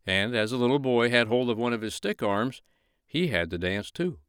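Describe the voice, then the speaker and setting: A man reading a bedtime story aloud, with a gentle, lively storytelling manner. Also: medium pitch, moderate pace, clear, resonant tone, dry recording, clean studio sound.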